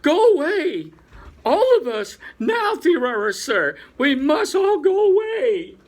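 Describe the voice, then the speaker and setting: A man's voice: very high-pitched, sing-song, takes it slowly, pitched above the performer's own voice, exaggerated voice. A man voicing a small, anxious young male rabbit in a storybook reading, who talks in a frantic, stammering way.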